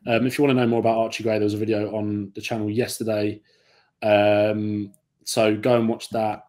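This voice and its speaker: A man's voice: on the low side, flat delivery, a little fast, darkish tone. A young man co-hosting a casual football podcast over a call, rambling and hesitant, often restarting his sentences. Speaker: podcast co-host and YouTuber. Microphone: remote call mic.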